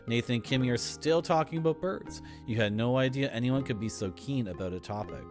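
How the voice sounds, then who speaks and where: Playful streamer, lively and animated in pitch. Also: male voice, fairly quick, few pauses, faint music behind. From Toronto, Canada. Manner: playful, rambling, toys with words. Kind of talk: gameplay commentary, reading game text aloud.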